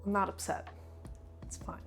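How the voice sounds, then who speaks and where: A woman's voice: normal speed, soft background music. A woman streaming live while cooking, chatting to her viewers and hamming up her small annoyances for laughs. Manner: mock-dramatic grumbling, playful.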